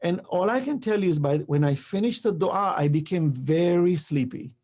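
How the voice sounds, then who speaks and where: On a live online talk show, a male guest speaks earnestly and emphatically, animating his stories with quoted back-and-forth exchanges. His voice sits high and his speed is normal.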